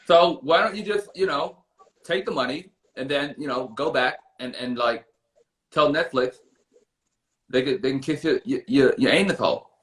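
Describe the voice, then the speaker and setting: A man's voice: medium pitch, moderate pace, a bit bright, reverberant, close to an everyday voice. A man voicing a smug, laid-back male music mogul who lectures in a patronizing, rambling way.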